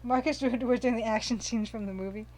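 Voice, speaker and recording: A woman's voice: on the high side, fairly even intonation, fast talker, a little mellow, slight background noise. A woman casually commenting while streaming a retro game, chatting, reading viewer comments aloud and gushing over the pixel art.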